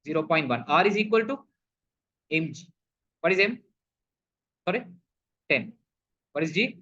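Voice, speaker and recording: A man's voice: fairly high pitch, sing-song, normal speed, pushed and bright. A male physics teacher walking through a problem, asking questions and answering them himself, calling the students "people". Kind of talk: recorded physics lesson. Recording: dull lo-fi recording.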